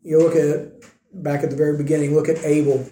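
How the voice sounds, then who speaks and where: A man's voice: on the high side, level tone, brisk, mellow, roomy sound, poor audio. A man preaching a conversational sermon as pastor, using rhetorical questions. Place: church sanctuary.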